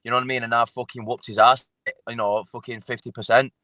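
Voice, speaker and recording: A man's voice: medium pitch, flat delivery, quick pace, sharp tone, dry recording. A man, a fighter talking casually as an interview guest, blunt and sweary, often repeating himself. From England.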